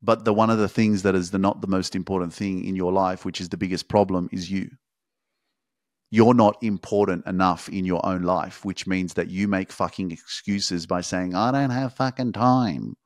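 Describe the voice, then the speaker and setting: Man with forceful profane pep talk. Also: sits low, flat delivery, moderate pace, no room sound, clean studio sound. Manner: profane, forceful, repetitive exhortation. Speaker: motivational coach. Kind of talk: motivational monologue.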